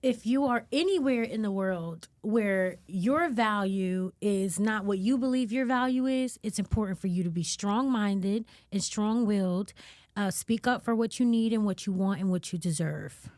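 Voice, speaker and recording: A woman speaking as a guest actress in a casual interview, animated, laughing often, her pitch leaping up when she gets excited. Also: normal speed, no echo, clean studio sound.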